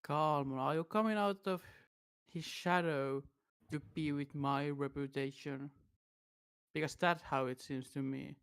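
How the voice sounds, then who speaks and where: A man's voice: a little high, steady tone, a little slow, fairly bright tone, smooth. A man playing a tabletop game, speaking in character in a pointed, questioning way. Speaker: player. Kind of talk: in-character role-play.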